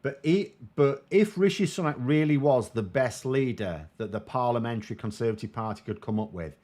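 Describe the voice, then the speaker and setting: A British man talks through political questions from viewers in a relaxed, chatty commentary. His delivery is wry and sardonic, and he trails off into frequent ums and restarts. His voice sits at an ordinary middle pitch. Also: normal speed, hardly any pauses. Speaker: political commentator, show host.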